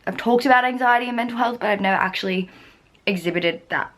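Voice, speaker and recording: A woman's voice: mid-range voice, brisk. Earnest young woman vlogging. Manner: earnest, open and heartfelt; uses many "like" fillers. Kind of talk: personal vlog talk to camera.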